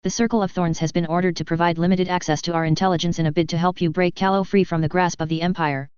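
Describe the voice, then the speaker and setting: A woman's voice: lowish voice, little pitch movement, fast talker, darkish tone, clear, resonant tone, no echo, muffled recording, lightly acted. A woman voicing a foreign envoy who talks in a formal, diplomatic way.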